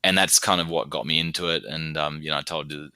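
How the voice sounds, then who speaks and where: An Australian man, a podcast guest, chatting casually and telling stories, then reciting his own rhymed bush poem in a steady rhythm. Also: extremely low pitch, fast talker, clear, resonant tone, no echo.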